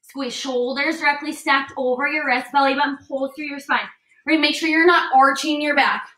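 A young fitness trainer leads a bodyweight workout, coaching moves and counting down reps with upbeat encouragement. Her high voice is pushed and bright, steady in tone and at normal speed, sounding a bit distant in an echoey room.

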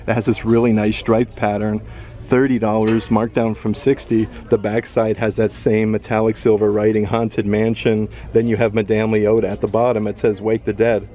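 A man's voice: lowish voice, warm tone. A man filming a casual shopping vlog in an outlet store, upbeat as he describes merchandise and prices. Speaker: vlogger.

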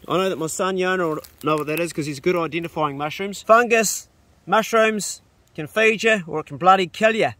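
In a dry recording, a middle-aged man with a high, slightly bright voice hosts a casual vlog outdoors on the rural farm he owns. He talks bluntly and doesn't hold back on swearing.

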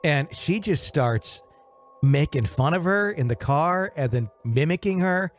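Relaxed male podcast host chatting. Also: on the high side, unhurried, faint music behind. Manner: joking, mimics radio DJs. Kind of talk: casual chat.

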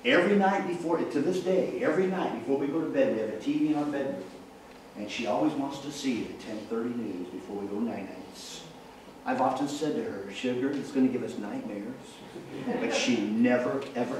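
A man preaching in a lively, joking storytelling manner, moving around the church as he talks. His voice sits at an ordinary pitch and rings through a very echoey sanctuary, picked up from a distance, with a light hiss behind it. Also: a little fast. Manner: animated, jokey, walks about the room. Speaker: evangelist preacher. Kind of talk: storytelling sermon with humor. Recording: echoey church hall from far off.

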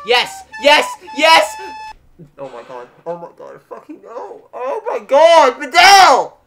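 A young man talks over his own football game, muttering low one moment and yelling at the referee the next, swearing freely. His pitch jumps about wildly with every chance. Loud game music plays behind him. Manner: excitable, swears a lot, swings from muttering to yelling. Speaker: gaming YouTuber. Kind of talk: live gameplay commentary.

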